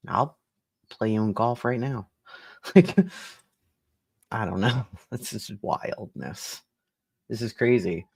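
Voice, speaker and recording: A man from Boston riffs through a casual reaction chat, swearing and laughing as he mocks what he sees. His voice sits a little low. The sound is dry, with no room around it. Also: a little slow, creaky, husky, dry recording. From Boston, USA. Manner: laughing, profane, mocking. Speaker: streamer reacting to a debate.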